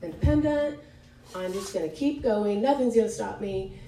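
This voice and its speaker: A woman with a warm, mellow voice leads an informal devotional talk, speaking frankly and conversationally and often correcting herself mid-sentence. She is recorded from across an echoey church room. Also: mid-range voice, animated, moderate pace, a little hiss or hum. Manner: conversational and candid, with many fillers and self-corrections. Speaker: women's Bible study leader. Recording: echoey room, picked up from a distance.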